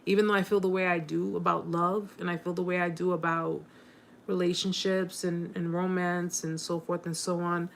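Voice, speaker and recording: Woman doing a live chat w viewers, kinda low voice, lots of ums, gets emotional, super encouraging. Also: flat delivery, normal speed, creaky, slight background noise. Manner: warm, rambling, with many fillers and restarts.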